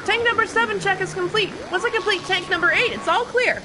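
A woman voicing a meek, apologetic female engineer from a video game, speaking softly and timidly. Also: very high voice, brisk, background noise, pitched above the performer's own voice. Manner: soft-spoken and timid.

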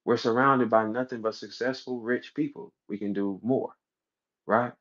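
A brash, swaggering man holds forth in an unscripted livestream rant, boastful and heavy with profanity. His voice sits at an ordinary middle pitch. The audio is a little dull and lo-fi. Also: fairly even intonation, normal speed, a bit bright. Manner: boastful, brash, profane and heated, voice jumping high when he acts out scenes. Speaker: battle rap league owner.

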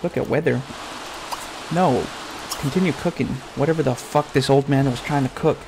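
A man's voice: medium pitch, normal speed, background noise. A man giving crude, profane Let's Play commentary, ranting at and scolding his game character. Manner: swears constantly, talks to his game character. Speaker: gaming YouTuber.

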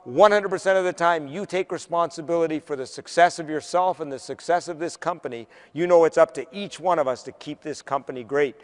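A man giving a keynote speech, telling stories in an animated, conversational way with humor. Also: a little high, fairly quick, hardly any pauses. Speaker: keynote speaker. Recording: long hall reverb.

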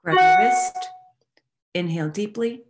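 A woman leading a guided tapping exercise, giving calm step-by-step instructions and affirmations to repeat. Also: fairly low pitch, measured pace, loud music behind the voice. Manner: calm instructive guiding, repeat-after-me phrasing; affirming, uplifting delivery. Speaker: recovery workshop facilitator.

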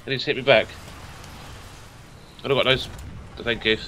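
A man's voice: medium pitch, little pitch movement, normal speed, bright, forceful tone, a little hiss or hum. A man chatting casually with his squadmate during a game, easygoing banter. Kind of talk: casual gaming chat.

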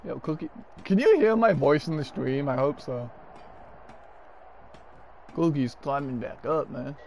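A man streaming a wrestling game, chatting casually, cursing and yelling at the action. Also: a little high, unhurried, gravelly, slight background noise. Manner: excitable, profane, yells and laughs at the game. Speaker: gaming streamer. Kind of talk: casual gameplay chat.

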